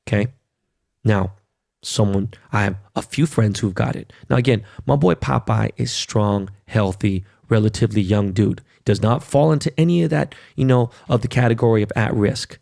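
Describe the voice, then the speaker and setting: Man, middle-aged, gravelly voice, dry close sound, profane emphatic podcast rant. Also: on the low side, moderate pace, a little mellow, no room sound. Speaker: podcast host. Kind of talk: casual monologue.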